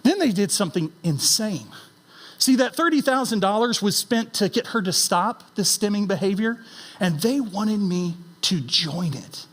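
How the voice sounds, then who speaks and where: A middle-aged man giving an inspirational stage talk, emphatic and animated, asking the audience rhetorical questions. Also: high-pitched, moderate pace. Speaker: founder and CEO giving a conference talk. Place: conference stage.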